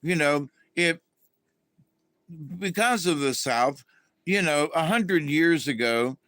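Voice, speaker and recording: Middle-aged male host, raised in Florida, unhurried and rambling, fairly high voice, dry close sound. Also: expressive, fairly bright tone, no echo. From Florida, USA. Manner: meandering, with many fillers and restarts. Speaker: channel host. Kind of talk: casual rambling monologue.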